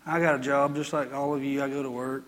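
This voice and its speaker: A man's voice: medium pitch, little pitch movement, fast talker, long reverb tail. A man preaching a sermon as pastor in a church, emphatic and repetitive in his delivery. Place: church sanctuary.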